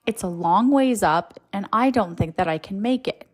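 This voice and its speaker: A woman's voice: medium pitch, expressive, moderate pace, natural voice. A woman voicing a sweet, persuasive male snake in a told story, coaxing and pleading.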